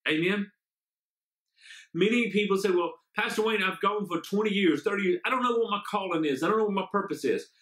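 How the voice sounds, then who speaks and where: A man's voice: high-pitched, fairly quick, fairly bright tone. A man, a pastor, preaching an online sermon and praying, fervent and often repeating amen and hallelujah. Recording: echoey room.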